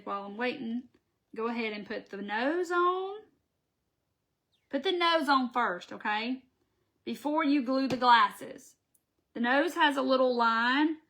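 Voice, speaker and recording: A woman's voice: a little high, a bit bright. A woman hosting a live craft tutorial, chatting folksily with viewers as she works. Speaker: craft channel host.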